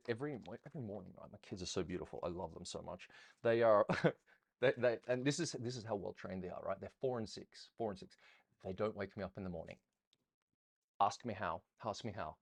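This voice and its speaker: Chatty low-voiced male dance teacher. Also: no room sound, clean studio sound. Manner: rambling, chatty, counts beats aloud. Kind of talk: casual teaching Q&A.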